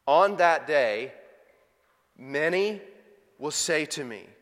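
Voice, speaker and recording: Male preacher, high pitch, impassioned emphatic sermon, echoing hall. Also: animated, takes it slowly, a bit bright. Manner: emphatic, rising to pleading intensity in quoted voices. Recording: hall reverb.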